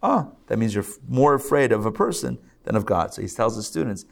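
Lively rabbi teaching a class. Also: male voice, mid-range voice, fairly quick, gravelly. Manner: lively, conversational, full of rhetorical questions and asides. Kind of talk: live lecture to a group. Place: live class in a synagogue learning center.

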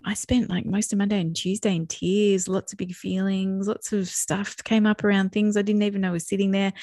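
A woman's voice: mid-range voice, gravelly, no echo, clean studio sound. A middle-aged woman, co-hosting a podcast and talking candidly and reflectively about her feelings. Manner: warm, reflective, open about feelings, laughs often. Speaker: podcast co-host. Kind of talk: casual chat.

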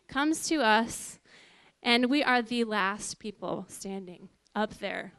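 A woman telling a personal testimony to an audience in a lively storytelling way, acting out what people said. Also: drawn-out words, smooth, no echo. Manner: lively, acts out quoted voices with big pitch jumps. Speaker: speaker giving a personal testimony.

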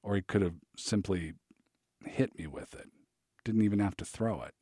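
A man narrating his memoir in a measured, reflective way. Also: lowish voice, mellow, dry recording, studio quality.

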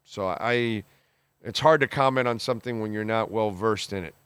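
Lowish in pitch but fairly bright, this man's voice is clear and resonant, captured dry. As a podcast host, he goes through listener comments and reacts with exasperated bluntness, swearing without restraint. He stumbles into restarts and leans heavily on fillers.

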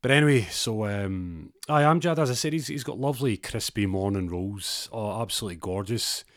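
A man's voice: lowish voice, expressive, normal speed, no room sound, studio quality. A man with a Scottish accent telling a rambling, digressive comic anecdote in a casual way, often drifting off on tangents. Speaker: storyteller.

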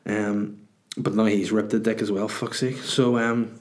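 A man's voice: fairly low pitch, level tone, measured pace. A man hosting a podcast, answering listener questions in a rambling, crude, self-mocking way. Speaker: podcast host and comedian. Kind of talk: casual chat.

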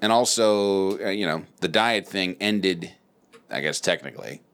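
A man co-hosting a casual chat with friends, profane and joking, slipping into quick silly voices. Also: low voice, animated, a bit bright. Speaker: podcast co-host.

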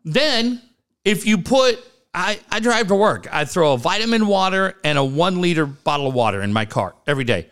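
Middle-aged man, a fired-up profane storyteller, fairly high and very animated. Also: moderate pace, smooth. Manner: ranting, swears constantly, acts out other people's lines. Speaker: co-host telling a story.

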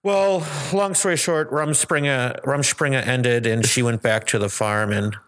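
A man telling a story on a casual podcast, animated and swearing, acting out what people said. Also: medium pitch, moderate pace. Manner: animated, swearing, acts out quotes.

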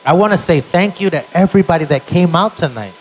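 A young man with a high, lively voice rattles off brash, profane stories at a fast clip during a stand-up set before a live audience. The recording is rough, with a little hiss or hum underneath.

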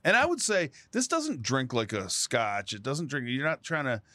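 A man's voice: mid-range voice, wildly swooping pitch, normal speed, sharp tone, no room sound. A man co-hosting a casual podcast chat, laid-back and dry-humored. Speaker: podcast co-host.

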